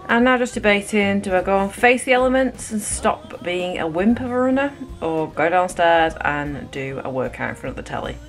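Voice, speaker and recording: A woman's voice: medium pitch, lively intonation, normal speed, few pauses, faint music behind. Chatty British woman vlogging at home. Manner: chatty, talking straight to viewers. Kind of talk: casual home vlog.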